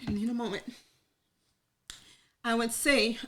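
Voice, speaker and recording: Medium in pitch with a fairly bright tone, she talks at a moderate pace. She co-hosts a live conversation in front of an audience, opening up chattily about her own story, laughing often and labeling herself an oversharer.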